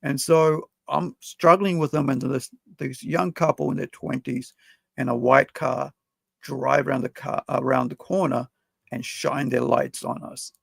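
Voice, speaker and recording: A man on a podcast telling a personal story in a rambling, halting way, full of fillers. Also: medium pitch, steady tone, vocal fry, a bit bright, husky, no echo. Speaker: podcast co-host.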